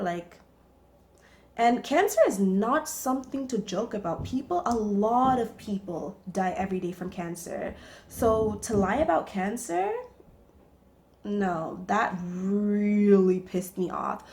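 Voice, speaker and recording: Young woman vlogger, casual storytime, gravelly fry on her voice, chatty and animated. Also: mid-range voice, takes it slowly. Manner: animated, chatty, many fillers.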